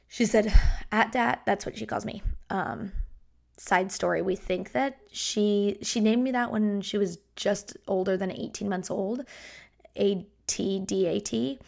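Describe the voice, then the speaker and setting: A woman in her thirties, a teacher hosting a podcast, talking in a chatty, animated way and acting out quotes. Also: mid-range voice, a little slow, gravelly. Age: 30s. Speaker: podcast host and language teacher. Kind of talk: casual podcast monologue.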